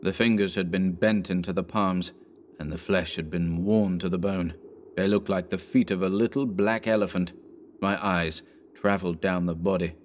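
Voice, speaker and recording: A man narrating a horror story as an audiobook, in a measured, dramatic way. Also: low voice, fairly even intonation, slight background noise.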